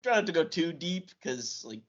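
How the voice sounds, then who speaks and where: Male co-host, casual banter, lively pitch, quick laughs, a bit lo-fi. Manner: chatty, laughs often. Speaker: podcast co-host. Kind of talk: casual podcast chat. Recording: slightly muffled podcast audio.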